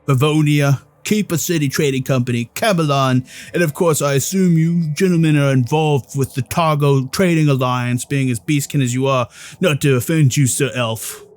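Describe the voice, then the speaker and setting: A man voicing a grave, pompous male martial-arts priest who speaks slowly and formally. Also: medium pitch, lightly acted. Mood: proud. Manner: slow, grave, formal speech.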